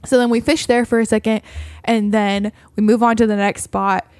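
Animated, laughing woman telling a story. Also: a little high, normal speed, dry recording. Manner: animated, laughing often, acting out quotes. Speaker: storyteller in casual conversation. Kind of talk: casual chat.

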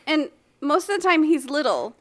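A woman with a high, bright-pitched voice that swoops and leaps all over. She chats casually on a podcast, giggling and teasing with deadpan questions. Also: normal speed. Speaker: podcast co-host. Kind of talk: casual chat.

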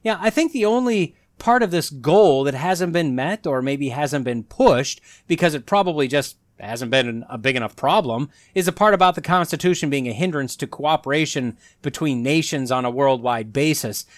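A man's voice: fairly high pitch, expressive, normal speed, hardly any pauses, no echo, clean studio sound. A man hosting a solo commentary podcast, talking with sarcastic, mocking asides. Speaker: podcast host.

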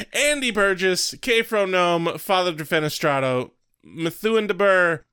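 A man's voice: high voice, animated, a little slow, pushed and bright, smooth. A man co-hosting a comedy podcast, chatting casually and laughing often as he talks. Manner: laughs often while talking. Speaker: podcast co-host.

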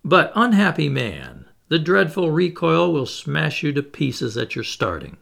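Stubborn heckler, pushy and doubting, read by a man, gravelly and lively, pitched a touch higher. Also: measured pace, heavily acted. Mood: insistent. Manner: challenging, insistent questions. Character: hostile skeptical male heckler, stubborn.

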